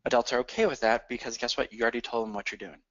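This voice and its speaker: A man leads a sales training session and speaks straight to his listeners. He talks quickly with lots of punchy energy. The audio sounds dull and lo-fi. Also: medium pitch. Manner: energetic, coaching, addresses listeners directly.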